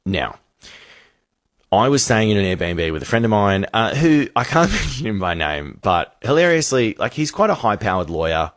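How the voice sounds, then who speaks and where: A man hosting radio, telling a funny story with lively voices for the people in it. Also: fairly low pitch, normal speed, no echo, studio quality. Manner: animated storyteller, acts out voices. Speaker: radio host.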